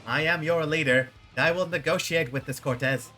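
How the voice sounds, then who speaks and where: A man's voice: fairly high pitch, fairly quick, pushed and bright. A man voicing a vain, cowardly male leader who talks grandly and theatrically, with faint game music behind. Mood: pompous. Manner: theatrical, self-important, dramatic.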